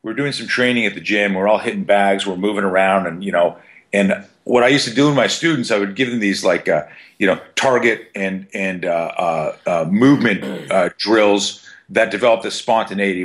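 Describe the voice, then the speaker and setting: A man's voice: low voice, a little fast, fairly bright tone. A man in his fifties, a self-defense coach guesting on a podcast, telling stories in a rambling, profane way full of fillers. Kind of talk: casual storytelling interview.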